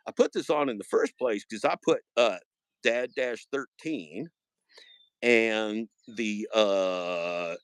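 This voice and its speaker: A man's voice: on the low side, slow, clean tone, no room sound. A man rambling and joking on a casual live stream, trailing off and restarting often.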